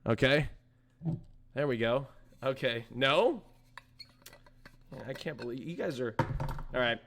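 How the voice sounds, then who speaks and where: A man's voice: medium pitch, slow pace, a bit bright, slight background noise. A young man hosting his podcast on a live stream, rambling casually and talking back to his chat.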